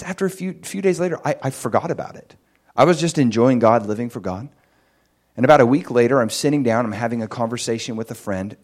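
Man, sermon, personal testimony, lively storytelling, mid-pitched voice. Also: fast talker. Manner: animated storytelling, jumps much higher and louder in excited moments. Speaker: preacher.

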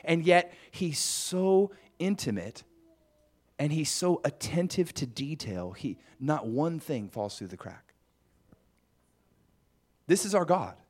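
Lively, chatty male preacher. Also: a little high, slow pace, pauses often. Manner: chatty, musing, with asides to the congregation. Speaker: pastor. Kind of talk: conversational sermon.

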